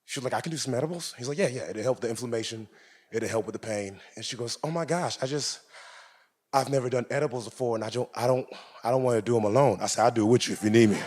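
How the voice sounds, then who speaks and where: A young man doing a stand-up comedy routine, telling a story with animated delivery and acted-out voices on a club stage. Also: mid-range voice, quick pace. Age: 20s.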